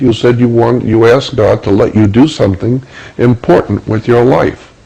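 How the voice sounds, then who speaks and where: A man from Florida telling a personal story in the first person, halting and repeating words as he searches for them. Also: medium pitch, creaky, mellow, husky, rough recording. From Florida, USA. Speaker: storyteller recounting a personal experience.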